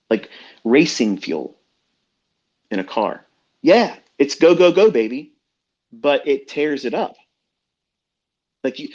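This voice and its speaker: A man's voice: mid-range voice, darkish tone. A middle-aged man talking as a trading mentor in a blunt, profane, preachy rant. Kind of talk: unscripted rant. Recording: dull lo-fi audio.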